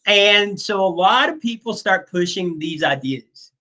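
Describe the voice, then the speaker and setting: A man's voice: sits high, lively intonation, takes it slowly, pauses often, sharp tone, rough recording. A man teaching a history class in a casual, joking way, with many fillers and asides. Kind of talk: classroom lecture.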